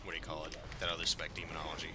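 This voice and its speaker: A man casually commenting on his gameplay, excitable and profane, rambling between curses. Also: a bass voice, racing, background noise. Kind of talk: casual let's-play commentary.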